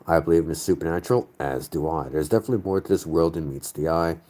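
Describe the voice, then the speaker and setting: Rumbling low and warm, this man's voice moves quickly. He's a host from the northern US running a casual live chat, reading viewer comments as he rambles and audibly gropes for the right words.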